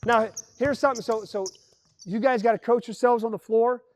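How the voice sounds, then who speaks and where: A very high-pitched man coaches basketball in an indoor gym at a moderate pace, with slight background noise. Lively and energetic, he talks the team through plays, calling out moves and acting out what the players would say.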